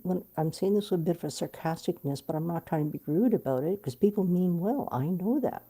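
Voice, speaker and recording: A middle-aged woman telling a personal story in an interview, animated and blunt, swearing freely. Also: lowish voice, a little fast, hardly any pauses, breathy edge. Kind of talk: candid storytelling.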